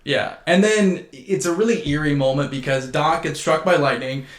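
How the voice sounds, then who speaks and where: A man co-hosts a casual podcast, walking through a film's scenes and quoting the characters along the way. His voice sits a little high. It rings in an echoey room. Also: normal speed. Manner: retells scenes with quoted lines. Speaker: podcast co-host. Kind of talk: casual movie recap chat.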